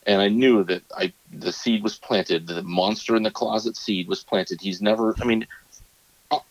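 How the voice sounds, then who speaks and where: A man in his thirties, a podcast co-host, tells a rambling story in casual chat and acts out his kids in a higher voice. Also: steady tone, moderate pace, dry recording. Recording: dull lo-fi, dry sound.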